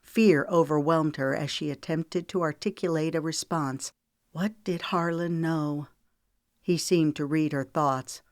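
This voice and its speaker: A woman author narrating her own historical novel in a measured, dramatic reading. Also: sits low, steady tone, no echo, clean studio sound. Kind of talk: audiobook narration.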